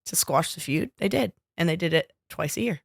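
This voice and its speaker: A woman's voice: fairly low pitch, expressive, vocal fry, no room sound, clean studio sound. A woman co-hosting a podcast in casual chat, joking and swearing freely. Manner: profane, joking, quick quips. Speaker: podcast co-host.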